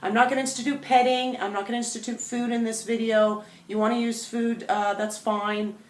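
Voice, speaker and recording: A woman dog trainer calmly explaining a technique to viewers in a demonstration video. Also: on the high side, fairly quick. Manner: calm, explanatory, talks directly to viewers. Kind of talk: instructional demonstration to camera. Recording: echoey room.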